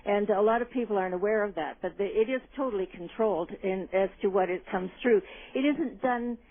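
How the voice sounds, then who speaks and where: A woman's voice: mid-range voice, a little fast. A woman calling in to a radio show, talking in a rambling, indignant way and often agreeing with "absolutely". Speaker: caller. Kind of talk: call-in radio chat. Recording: tinny phone line.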